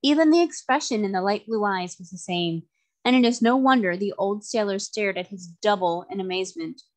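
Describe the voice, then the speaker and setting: A woman narrating a children's novel in a clear, measured, expressive reading voice. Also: mid-range voice. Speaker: story reader.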